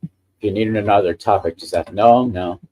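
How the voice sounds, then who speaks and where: A man's voice: lowish voice, normal speed, warm tone. A man hosting a casual live stream, chatting with enthusiasm about the printer he is handling. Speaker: livestream host.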